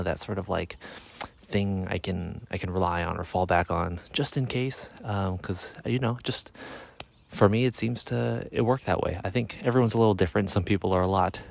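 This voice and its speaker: A man's voice: low voice, vocal fry, no echo. A man in his thirties talking casually outdoors in a vlog, rambling and correcting himself with a wry tone. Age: 30s. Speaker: musician vlogger. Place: outdoors in a yard on a sunny day.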